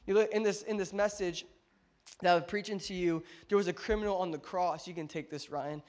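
High-voiced animated male pastor. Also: fairly quick. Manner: animated, jokey storyteller who addresses the congregation directly. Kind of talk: sermon with personal storytelling. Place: church auditorium.

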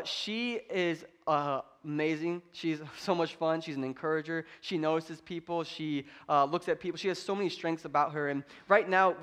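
A man in his thirties preaching a conversational sermon with humor, building to loud, emphatic peaks. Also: fairly high pitch. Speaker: pastor.

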